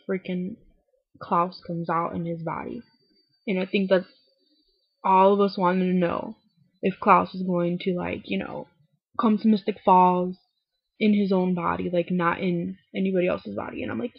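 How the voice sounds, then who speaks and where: A young woman recapping a TV episode in casual chat, full of "like"s and swearing, feeling a little low. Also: vocal fry, breathy edge, no room sound. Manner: talkative, many "like"s, swears freely, acts out lines in quotes. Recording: dull lo-fi webcam audio.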